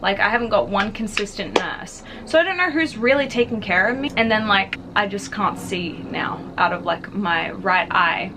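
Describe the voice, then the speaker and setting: A woman's voice: mid-range voice, animated, moderate pace, hardly any pauses, background noise. A young adult woman vlogger casually telling a personal story, chatty and full of fillers. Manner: chatty, filler-heavy, frequently says "like".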